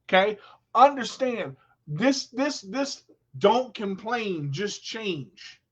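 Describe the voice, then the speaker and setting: Brief: high-pitched male host, unhurried, preachy motivational talk, lo-fi stream sound. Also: expressive, breathy edge. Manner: preachy, repeats himself, addresses viewers as y'all. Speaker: show host.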